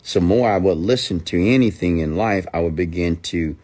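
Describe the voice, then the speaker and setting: A man delivers a motivational rant in a fairly low voice. He drives his points home by repeating them and keeps asking rhetorical questions. His delivery is emphatic and direct, as if he is speaking straight to each listener. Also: normal speed, a little mellow.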